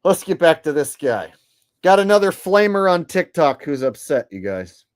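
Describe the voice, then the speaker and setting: A man's voice: on the high side, sing-song, moderate pace, no room sound. A man hosting a commentary video, talking in a crude, sarcastic, profane way. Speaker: commentary host. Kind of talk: mocking commentary.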